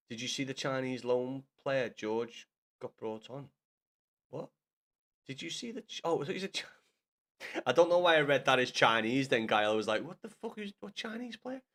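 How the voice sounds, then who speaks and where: A man's voice: medium pitch, normal speed, long pauses, fairly bright tone. A young man with a Scouse accent chatting casually about football on a live stream, rambling, swearing and addressing viewers by name. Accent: Liverpool Scouse.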